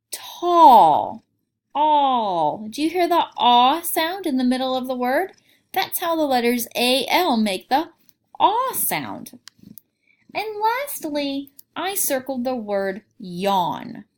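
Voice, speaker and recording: Woman teacher, phonics lesson for kids, higher voice, slow and careful. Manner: slow, clear, sounding out words. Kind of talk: phonics lesson for young children.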